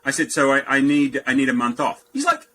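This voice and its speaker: A man in his fifties with an Australian accent, a podcast guest telling lively anecdotes and jumping up in pitch for quoted lines. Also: a little fast, slight background noise, low-quality recording. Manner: animated anecdotes, jumps high for quoted lines. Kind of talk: storytelling in a podcast interview.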